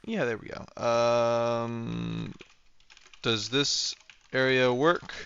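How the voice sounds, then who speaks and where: A man's voice: mid-range voice, steady tone, very slow, creaky, a bit bright, smooth, dull audio. Playful young man streaming a game. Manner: rambling, playful, thinks aloud while building. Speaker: livestreamer. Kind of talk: casual gameplay livestream chat.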